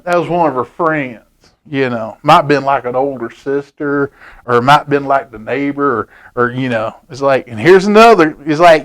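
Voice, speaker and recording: A man's voice: a little high, unhurried. A man reading a story for children, chatty and loose with lots of fillers. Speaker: storytime reader.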